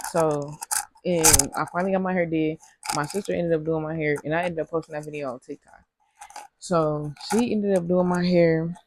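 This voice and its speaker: Laughing a lot, a young vlogger shares a slangy, meandering storytime with her viewers in a low voice. A faint hiss or hum sits under this casual chat.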